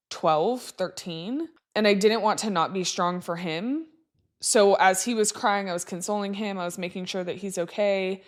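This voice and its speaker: Young woman, podcast host, candid, reflective storytelling, casual fillers. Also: mid-range voice.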